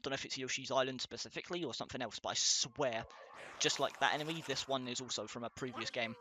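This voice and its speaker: A man's voice: mid-range voice, fast talker, pushed and bright, a little hiss or hum. A man giving casual let's-play commentary, rambling and thinking aloud with many fillers. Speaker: let's player.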